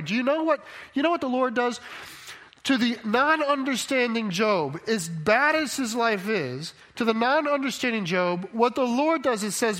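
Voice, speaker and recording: A man with a notably high voice delivers a sermon in a relaxed, conversational way. He keeps checking in with his listeners as he explains his point. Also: moderate pace. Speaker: preacher.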